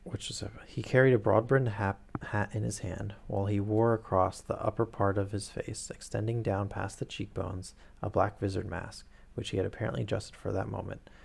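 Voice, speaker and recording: A man reads a classic novel aloud on a stream, in a casual, unpolished way. He trips on words, corrects himself and adds asides. His voice is low and gravelly. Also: fairly even intonation, normal speed, few pauses, a little mellow. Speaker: streamer reading a book aloud. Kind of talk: casual read-aloud narration.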